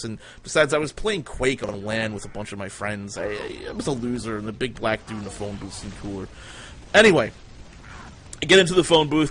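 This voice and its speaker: A man hosting a livestream, telling crude comic tall tales in a rambling, swearing style. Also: medium pitch. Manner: rambling, swears a lot, jumps into loud quoted voices. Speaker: livestream storyteller, host.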